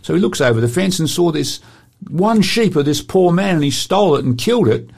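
A man, presenting a talk show and telling Bible stories with lively quoted voices. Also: fairly high pitch, brisk, creaky, slightly rough. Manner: animated storyteller acting out quotes.

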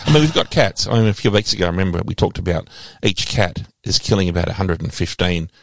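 Australian male co-host, lowish voice, easygoing and chatty, dry studio sound. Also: animated, fast, creaky, dry recording. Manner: chatty, laughs easily, takes ribbing. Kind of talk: casual chat.

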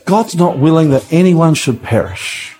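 A man preaches with fervent, pleading intensity, repeating his key phrases for emphasis. His voice sits notably high for a man. It is an evangelistic sermon delivered straight to the listener. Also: unhurried, a little mellow. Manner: impassioned and pleading, with emphatic repetition.

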